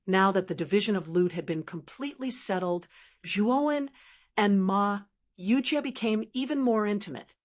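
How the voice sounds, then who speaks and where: A woman narrating a fantasy novel audiobook in an even, steady reading. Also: mid-range voice, normal speed.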